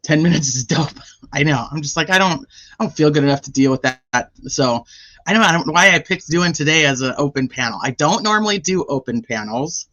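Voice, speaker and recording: A man's voice: fairly high pitch, expressive, brisk, a bit bright, dry recording, lo-fi sound. Chatty man hosting a livestream, sore throat. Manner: chatty, greets viewers by name. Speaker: livestream host. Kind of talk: casual livestream chat.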